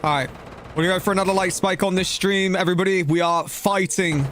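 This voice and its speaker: A young man talks his way through a live game stream, his voice sitting a little high. He chats loosely and casually with his viewers, using easy slang as he plays. A faint ambient hum sits behind him. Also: steady tone, fast talker, a bit bright. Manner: chatty and loose, talking to chat while playing, slangy with "bro" and "dude".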